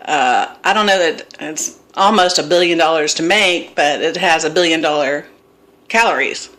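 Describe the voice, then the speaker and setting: A woman's voice: deep voice, normal speed, a bit bright. Rambling middle-aged woman vlogging at home. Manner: rambling, self-deprecating storyteller. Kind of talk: casual cooking vlog. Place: home kitchen. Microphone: phone camera.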